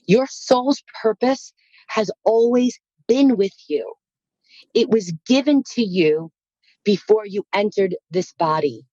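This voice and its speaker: A woman's voice: medium pitch, expressive, slow, warm tone, no room sound, dull audio. A woman from Queens with a New York accent, a spiritual guest speaking earnestly and encouragingly on a podcast. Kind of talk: podcast interview.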